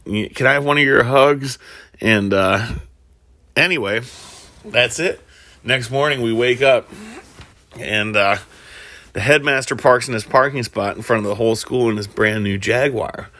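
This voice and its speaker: A man's voice: medium pitch, measured pace, long pauses, pushed and bright. A man casually retelling a film plot as a comedic storyteller, rambling with many fillers and restarts.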